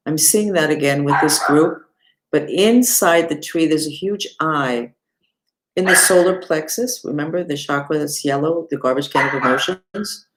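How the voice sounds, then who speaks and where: A woman who teaches mantras and meditation, giving an unhurried live-streamed lesson and talking straight to her viewers. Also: low voice, a little hiss or hum. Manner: unhurried, talks to viewers and reads the chat aloud.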